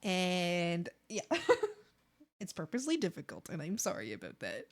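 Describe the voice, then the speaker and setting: A woman's voice: lowish voice, very animated, moderate pace. A young adult woman streamer chatting casually with her viewers, rambling with many fillers and frequent giggles. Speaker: art streamer.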